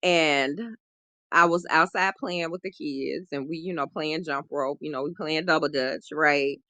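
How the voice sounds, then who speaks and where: A woman guest, a relationship coach, telling a personal story in an animated conversational way, full of "you know". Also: low-pitched, unhurried, dry recording. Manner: animated, acts out quoted voices, frequent "you know".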